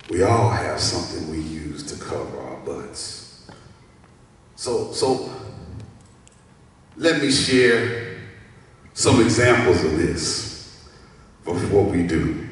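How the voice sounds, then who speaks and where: Slow, low-voiced preacher in an echoey hall. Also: male voice, slight background noise. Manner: preaching with call-and-response, repeats key phrases. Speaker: pastor. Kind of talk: sermon. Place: church sanctuary. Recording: echoey church hall, mic at a distance.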